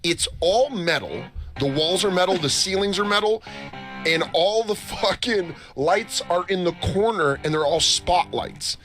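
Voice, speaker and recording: A man's voice: sits high, measured pace. A man from the United States telling a long, profane story on a talk show, acting out the people in it. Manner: animated, profane, acts out voices in his story. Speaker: show host. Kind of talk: casual storytelling. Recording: faint music behind, radio broadcast.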